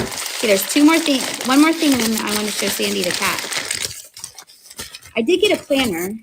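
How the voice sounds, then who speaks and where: A woman hosting a casual live-stream sale, chatting excitedly about her finds and laughing often. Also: mid-range voice, normal speed, creaky, pauses often, background noise. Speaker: live online seller showing thrift finds.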